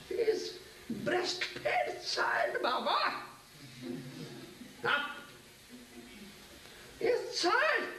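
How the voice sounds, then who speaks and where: A man voicing a fond, humble old village father who gently chides a boy, with pleading, tender and teasing turns. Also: very high-pitched, voice pushed up, full character voice. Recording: echoey hall, distant mic, faint hiss.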